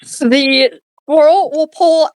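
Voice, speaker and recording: A woman's voice: high voice, takes it slowly, a little mellow, no echo. A woman playing a tabletop game, playful and a little hesitant, often giggling. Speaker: player. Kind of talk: casual tabletop play.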